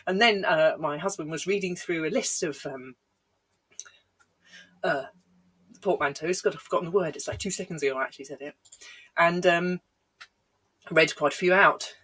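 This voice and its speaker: A woman's voice: on the low side, a bit bright, breathy edge. A middle-aged woman from Britain, a comedian rambling through a chatty, self-deprecating live-stream set with plenty of ums and laughs.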